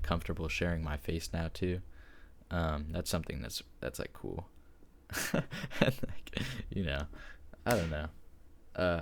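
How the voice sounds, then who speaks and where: A young man, a student, chatting casually and rambling with lots of fillers as he plays a game late at night. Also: deep voice. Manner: rambling, hesitant, full of likes. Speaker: gaming YouTuber. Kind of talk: casual chat while playing a game.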